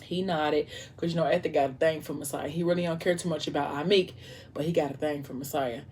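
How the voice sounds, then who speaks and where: A woman's voice: deep voice, fairly even intonation, fast, darkish tone, a little hiss or hum. A tired, sleepy woman casually retelling a story to camera, rambling with lots of fillers and restarts. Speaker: vlogger retelling a novel.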